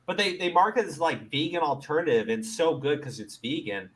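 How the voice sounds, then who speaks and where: A man's voice: a little high, brisk. A man hosting a casual commentary show, ranting with lots of swearing, stammered restarts and frequent laughter. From Middle East. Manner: profane, animated, laughs often, stammers on restarts. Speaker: commentary host.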